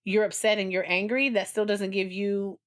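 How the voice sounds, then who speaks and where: A woman in her thirties co-hosting a podcast, telling stories in a casual, animated way and acting out dialogue. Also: mid-range voice, normal speed. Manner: animated storyteller, acts out dialogue with her daughter. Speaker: podcast co-host. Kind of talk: casual chat.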